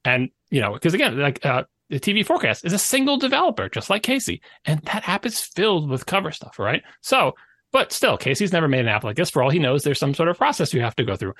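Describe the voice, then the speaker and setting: Animated man ranting on a podcast. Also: on the high side, quick pace, no echo. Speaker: podcast co-host. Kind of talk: casual podcast rant.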